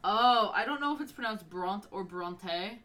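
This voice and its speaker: A young woman co-hosts a casual, unscripted podcast, chatting and rambling, laughing a lot and talking right through a case of the hiccups. Her fairly high voice is animated, fairly quick, and has a pushed, bright quality.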